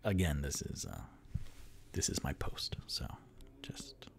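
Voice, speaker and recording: A man's voice: medium pitch, very animated, a little slow. A man voicing a cheerful male bard with a chirpy, rambling manner. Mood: cheery.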